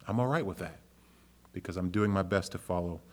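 A man preaching a sermon as a pastor, earnest and conversational, rising into loud, animated storytelling. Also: brisk. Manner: acts out characters with raised pitch in anecdotes.

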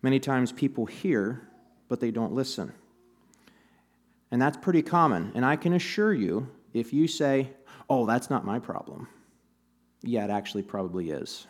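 A man's voice: medium pitch, big pitch swings, moderate pace. A man preaching a sermon in a conversational, storytelling way, with bits of humor, to a church audience. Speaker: pastor.

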